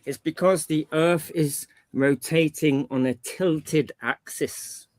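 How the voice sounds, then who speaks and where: A man's voice: a little high, slow pace, no echo. A man chatting casually on a panel stream, rambling and slangy, often restarting his sentences. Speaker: panel guest. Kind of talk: casual chat.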